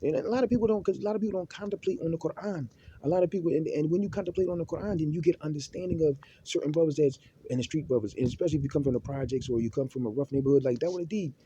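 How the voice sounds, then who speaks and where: A man talks quickly in a very dark, heavy voice. He gives unscripted religious advice, and his speech is halting, full of repeated words and fresh starts. Faint noise sits underneath his voice. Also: a little high. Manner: halting, with many restarts, repeated words and Arabic terms. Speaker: Muslim speaker giving religious advice.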